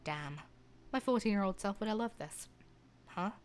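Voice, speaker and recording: A young woman streams a visual novel, voicing its narration herself. She reads steadily and then breaks into chatty, animated asides with frequent laughter. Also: mid-range voice, normal speed, a little hiss or hum. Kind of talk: reading a visual novel aloud with live reactions.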